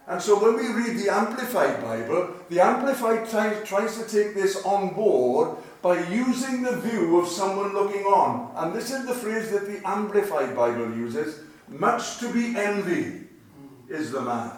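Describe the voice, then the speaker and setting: A man's voice: high voice, lively intonation, normal speed. Man preaching in an echoey chapel. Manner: conversational, emphatic repetitions, asks rhetorical questions. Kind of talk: sermon. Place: cemetery chapel. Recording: echoey chapel, distant mic, faint noise.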